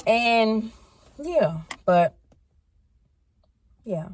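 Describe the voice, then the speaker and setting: A woman's voice: on the high side, lively intonation, extremely slow, a little mellow. A woman in her fifties chatting casually in a rambling, self-correcting way for a car-ride vlog. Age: 50s. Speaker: vlogger.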